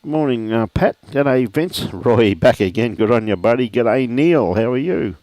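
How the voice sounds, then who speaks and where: Speaking unhurriedly in a medium-pitched, expressive and slightly mellow voice, this middle-aged Australian calls a lawn bowls livestream on a dry recording. He keeps it chatty and friendly, giving viewers shout-outs by name.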